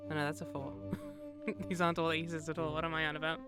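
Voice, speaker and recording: A young woman gives casual, joking commentary as she streams a game. She keeps up a wry running chatter aimed at herself and at her viewers. Her voice sits lowish, with faint music underneath. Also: level tone, fast.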